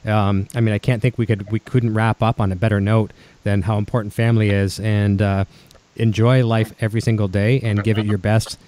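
A Canadian man hosting a chat show, talking quickly and warmly with a deep, mellow voice. His voice sounds dry and close, with no room echo. He comes across as upbeat and full of praise. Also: level tone. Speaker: show host. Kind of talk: casual video-call chat.

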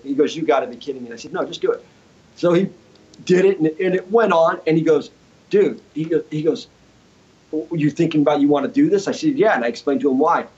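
Animated male guest telling a story. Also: fairly high pitch, muffled recording. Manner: animated storyteller acting out quoted voices. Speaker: guitarist and product inventor guest. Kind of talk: storytelling in an interview. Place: home studio.

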